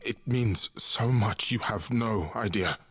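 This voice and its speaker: An actor playing a weary, grieving male god who cares for his suffering mother, speaking in a halting, confiding way. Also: on the low side, husky. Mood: sorrowful. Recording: game audio with faint music.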